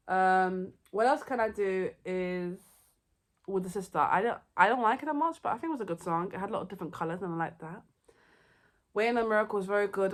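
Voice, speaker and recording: A young woman, chatting excitedly and rambling through her favourite movies in a casual vlog. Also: lowish voice. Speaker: vlogger. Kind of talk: casual movie review chat.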